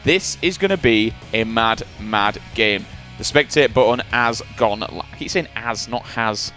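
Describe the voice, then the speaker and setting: Energetic male esports play-by-play caster. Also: medium pitch, moderate pace, soft background music. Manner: energetic, hyping the crowd. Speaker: esports commentator. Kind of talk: live play-by-play commentary.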